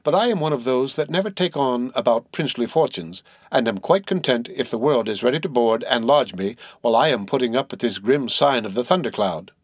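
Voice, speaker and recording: A man narrating a classic novel aloud in a measured, wry storytelling manner. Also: medium pitch, expressive, no echo, clean studio sound. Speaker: audiobook narrator. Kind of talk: literary audiobook narration.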